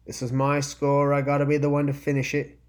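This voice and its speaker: A man's voice: mid-range voice, monotone, fairly quick, pitched above the performer's own voice, lightly acted. A man voicing a tough, defiant young woman gang leader who talks in coarse slang, curt and grim.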